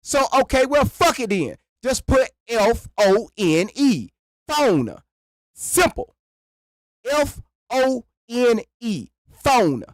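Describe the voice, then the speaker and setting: Slow, profane livestream guy. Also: extremely high pitch, very animated, no room sound, clean studio sound. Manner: rambling, profane, breaks into laughter. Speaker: livestream host. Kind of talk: casual livestream rant.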